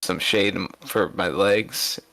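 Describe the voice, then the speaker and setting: Lower-voiced man rambling through a story. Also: steady tone, slow, gravelly, crowd noise, low-quality recording. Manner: rambling anecdotal storytelling with many restarts. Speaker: podcast co-host. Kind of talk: casual chat.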